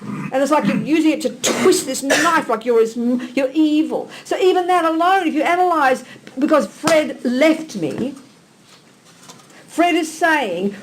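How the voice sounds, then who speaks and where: High-voiced blunt woman teaching. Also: a little slow, a little hiss or hum. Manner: animated, blunt, teasing, fires rhetorical questions. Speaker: Buddhist teacher. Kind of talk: live question-and-answer teaching. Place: teaching hall with a live audience.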